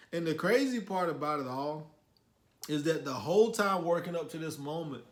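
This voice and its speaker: A young man tells a story in a relaxed couch chat, lively and quick to protest with a laugh. His voice sits a bit higher than most men's. The room gives it a noticeable echo. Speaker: co-host of couple's channel. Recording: echoey room.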